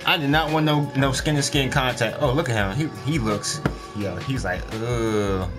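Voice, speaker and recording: A man's voice: medium pitch, steady tone, moderate pace. Slangy man giving gameplay commentary. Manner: slangy, reacts loudly to the game. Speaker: gaming streamer. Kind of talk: casual let's-play commentary. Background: game music.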